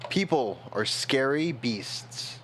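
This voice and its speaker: A man's voice: mid-range voice, lively intonation, slow, a bit bright, slight background noise. A tipsy man streaming, rambling in casual chat and talking to his chat moderators.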